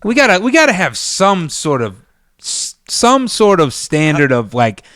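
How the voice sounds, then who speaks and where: A man's voice: sits high, big pitch swings, a little slow, a bit bright, no room sound, clean studio sound. A man co-hosting a podcast, joking and teasing with a lot of swearing in casual chat. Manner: joking, profane, teasing banter. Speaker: podcast co-host.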